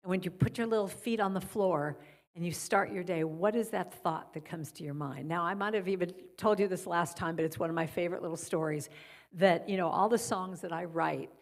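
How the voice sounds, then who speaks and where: A middle-aged woman speaking as a guest at a church service, softly guiding listeners and telling stories. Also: lowish voice, a little fast. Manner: gentle, guiding a breathing exercise then storytelling. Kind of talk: spiritual talk at a church service. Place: church sanctuary.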